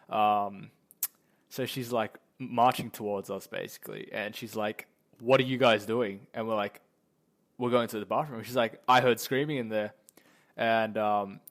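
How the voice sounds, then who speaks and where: A young man telling a story casually, rambling and profane, with lots of fillers. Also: fairly low pitch. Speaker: vlogger.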